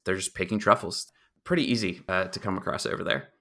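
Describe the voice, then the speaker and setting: A young man co-hosts a casual film review podcast, laying out trivia in an easy, informative manner with dry asides. His voice sits fairly low with a noticeable gravelly texture. The tone stays forward and bright despite the low pitch. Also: fast. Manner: informative, relaxed, dry humor. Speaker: podcast co-host. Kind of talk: casual movie review chat.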